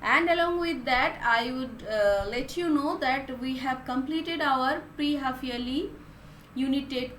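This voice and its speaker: A high-pitched woman speaks. She teaches a grammar lesson slowly, walking through each word. The room echoes, with a faint hiss underneath. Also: a bit bright. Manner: slow, explaining word by word. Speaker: English teacher. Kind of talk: recorded online class lesson.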